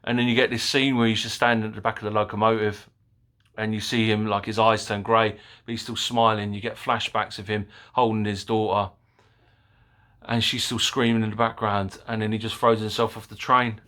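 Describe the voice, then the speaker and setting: A man giving a casual, excitable movie review, rambling with fillers and the odd swear word. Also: lowish voice, normal speed. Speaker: film reviewer.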